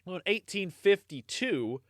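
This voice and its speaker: A man's voice: high-pitched, very animated, unhurried, dry recording, studio quality. An American man hosting a history podcast, talking casually with many fillers and swearing. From United States. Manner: rambling, many fillers, swears casually, laughs at own jokes. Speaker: podcast host.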